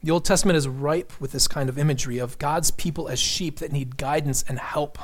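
Earnest man preaching a sermon. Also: brisk. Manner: earnest preaching, rises in pitch and force for emphasis, drops to a near whisper. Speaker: pastor.

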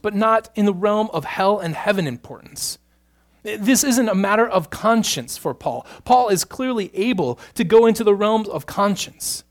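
High-voiced preacher, hushed then emphatic. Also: male voice. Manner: swings between hushed, slow stretches and loud, emphatic bursts. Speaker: pastor. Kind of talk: sermon.

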